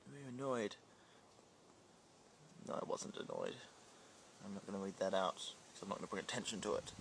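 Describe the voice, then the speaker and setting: A man's voice: deep voice, huge pitch swings, normal speed, creaky, a bit bright, a little hiss or hum. A young man from New Zealand with a slight British twang, answering live comments in a chatty, playful, scattered way. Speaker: drag performer reading live comments. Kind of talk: casual livestream Q&A.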